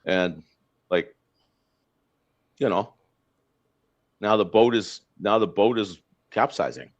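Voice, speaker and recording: Speaking slowly in a voice on the low side, this Canadian podcast host delivers blunt political rants. His casual talk is riddled with fillers and restarts, and the lo-fi audio sounds slightly dull.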